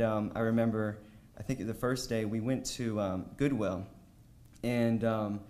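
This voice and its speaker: A man's voice: medium pitch, a little mellow. A young man from the United States telling a personal story as a conference panelist, rambling with many ums and restarts. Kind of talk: personal story told to a live audience.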